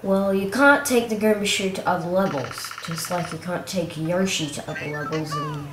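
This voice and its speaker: A woman's voice: on the low side, normal speed. A woman with a cough giving rambling, chatty commentary on a game walkthrough, exclaiming at the action. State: coughing and clearing throat. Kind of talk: casual gameplay commentary. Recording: roomy with game music behind.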